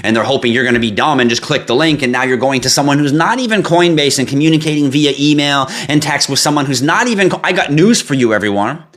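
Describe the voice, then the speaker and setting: A man's voice: fairly high pitch, lively intonation, fast talker, few pauses, fairly bright tone. A man hosting a crypto livestream, talking bluntly in a casual rant, swearing freely and squealing when he mocks panicky scam victims. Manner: blunt, profane, ranting.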